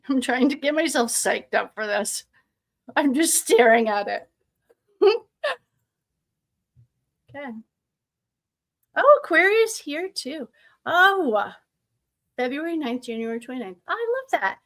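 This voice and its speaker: A young woman talks casually with her viewers as she hosts a tarot livestream. Her voice sits a little high, and she rambles along with giggles and self-deprecating asides. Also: sing-song, slow, pauses often, fairly bright tone. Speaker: tarot reader and channel host.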